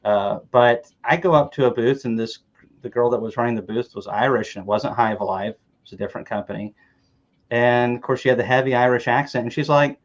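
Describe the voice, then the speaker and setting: A man's voice: mid-range voice, a little fast, lo-fi sound. A man from the American South telling rambling, joking stories in a casual chat, often restarting his words.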